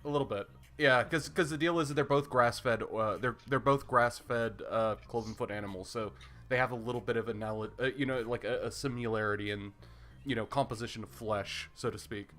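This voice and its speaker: A man talks loosely over a livestreamed game, tripping over his words and repeating himself as he hunts for the next phrase. His voice is bright and forward at a middling pitch, close to a desk mic. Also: steady tone, fairly quick. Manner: stammering, repeats words as he searches for them. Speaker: streamer. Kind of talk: casual chat while livestreaming a game.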